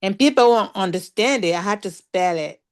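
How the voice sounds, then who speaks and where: A woman learner asks her teacher a question in an online class, speaking at a middling pitch. She talks haltingly and searches for her words as she explains. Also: expressive.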